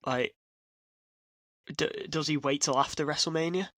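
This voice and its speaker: Excitable rambling man on a podcast mic. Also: on the high side, normal speed, dry recording. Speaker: podcast co-host. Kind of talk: casual chat.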